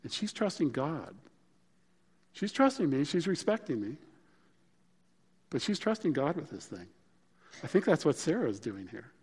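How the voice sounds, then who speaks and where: A man's voice: a little high, big pitch swings, a little slow, long pauses, breathy edge. A man preaching a sermon, telling personal stories in a conversational, humorous way. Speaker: pastor. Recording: long reverb of a large hall.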